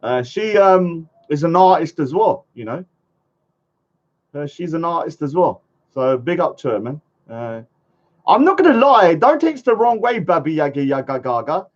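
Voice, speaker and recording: A man's voice: fairly high pitch, sing-song, normal speed. A man, vlogging casually to a live chat, rambling and mocking his critics. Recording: dull lo-fi sound.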